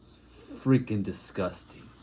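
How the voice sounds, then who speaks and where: A man's voice: slow pace, mellow, slight background noise, close to an everyday voice. A man voicing a grimy male plague doctor from a back-alley town, rambling and crude in an improvised comic monologue. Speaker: artist improvising a comic story.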